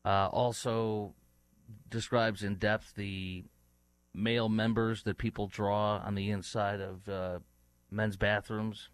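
A man's voice: fairly low pitch, level tone, slow pace, clean tone, no echo. A man hosting a talk show, giving heated, indignant political commentary with many fillers and restarts. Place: studio in Dallas.

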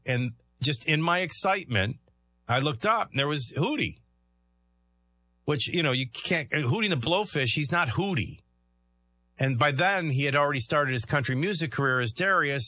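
Radio host guy, chatty, tells rambling stories, bright tense voice. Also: mid-range voice. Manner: chatty, laughs a lot, rambling anecdotes. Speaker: radio talk show host. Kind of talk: talk radio chat.

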